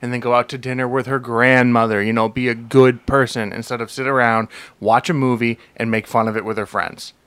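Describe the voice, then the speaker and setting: A man's voice: mid-range voice, brisk, smooth, dry recording. A man co-hosting a podcast, telling stories in a casual chat and laughing as he talks. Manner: animated storyteller, laughs mid-sentence. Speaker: podcast co-host.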